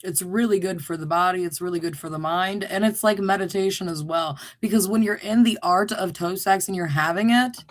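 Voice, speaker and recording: A woman co-hosting a podcast, teasing and joking in a playful, mock-earnest tone. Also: on the low side. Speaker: podcast co-host. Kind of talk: joking casual chat.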